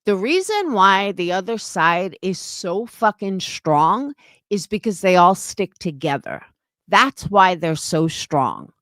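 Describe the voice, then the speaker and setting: A woman's voice: medium pitch, sing-song, slow, fairly bright tone, no echo, clean studio sound. A woman in her thirties ranting on a live stream, blunt, indignant and heavy on swearing. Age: 30s. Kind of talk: heated live-stream rant.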